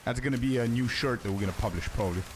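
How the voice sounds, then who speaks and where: Chatty male game streamer, mid pitch. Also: racing, noisy background. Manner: chatty, answers chat, says "bro" often. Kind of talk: casual live-stream chat.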